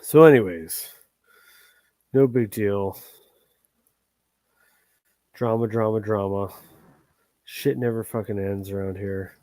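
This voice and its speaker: A man's voice: lowish voice, slow, pauses often, dark tone, no echo. A man hosting a livestream, ranting in a heated, profane and rambling way. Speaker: livestream host.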